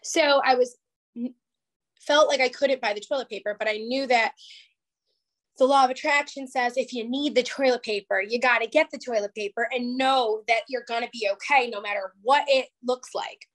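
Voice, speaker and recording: A woman with a fairly high voice tells her story on a podcast in a frank, emphatic way and does not shy from swearing. She sounds emotional, close to tears at moments, and keeps the tone of a candid interview. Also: moderate pace, a bit bright. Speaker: guest life coach.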